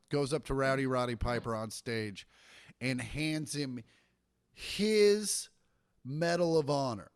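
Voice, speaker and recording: A man's voice: mid-range voice, clear, resonant tone, no room sound, studio quality. A middle-aged man, a stand-up comic, telling profane stories in casual podcast chat and acting out the quotes. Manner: profane, animated anecdote telling with acted-out quotes.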